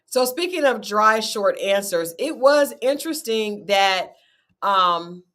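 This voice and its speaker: A woman's voice: medium pitch, takes it slowly. A woman hosting a casual recap chat of a dating show, talking in a chatty way and leading with questions. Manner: chatty, animated, leads with questions. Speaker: host.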